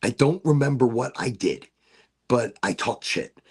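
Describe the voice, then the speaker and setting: A man's voice: mid-range voice, expressive, a little slow, slightly rough. A man hosting a casual podcast chat, telling rambling stories and swearing freely. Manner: rambling, swears a lot, repeats himself. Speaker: podcast host.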